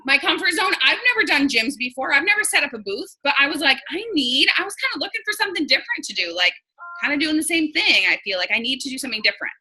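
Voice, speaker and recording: Woman, from New York, casual coaching talk, blunt, very bright tone. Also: sits high, very animated, quick pace, poor audio. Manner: chatty, blunt, acts out quoted dialogue. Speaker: direct sales team leader.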